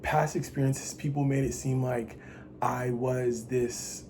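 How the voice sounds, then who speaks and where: A man's voice: little pitch movement, slow pace, slight background noise. A man talking straight to the camera in a rambling confessional vlog, swearing freely and restarting his sentences. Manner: rambling, restless, swings between loud bursts and low mutters; profane and self-interrupting. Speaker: vlogger. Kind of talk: casual confessional monologue.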